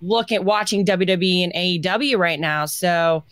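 A woman's voice: lowish voice, normal speed, fairly bright tone, no echo. A woman co-hosting a podcast, speaking earnestly and with heartfelt emotion in casual chat. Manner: earnest, heartfelt, near tears. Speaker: podcast co-host.

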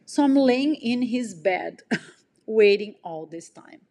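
A woman telling a personal story in an emotional, breathless way, jumping in pitch as she acts out what people said. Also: lively intonation, slow pace, darkish tone. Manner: emotional, breathless retelling, acts out quotes with big pitch jumps. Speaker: podcast storyteller.

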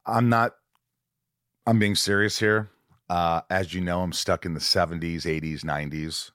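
A man's voice: low voice, fairly even intonation, normal speed, fairly bright tone, smooth, no room sound, clean studio sound. A man hosting a casual interview podcast, who talks in a teasing, playful and rambling way. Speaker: podcast host.

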